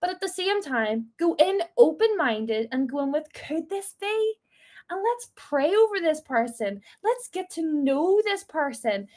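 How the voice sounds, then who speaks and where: A woman in her twenties leading a casual faith talk for a group, playful and encouraging, laughing often. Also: high voice. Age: 20s. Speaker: small group leader.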